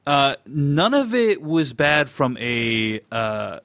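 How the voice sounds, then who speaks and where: A man's voice: mid-range voice, sing-song, slow pace, a bit bright, no echo. A man hosting a podcast, talking in a thoughtful, hesitant way with many fillers. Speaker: podcast host. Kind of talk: casual chat.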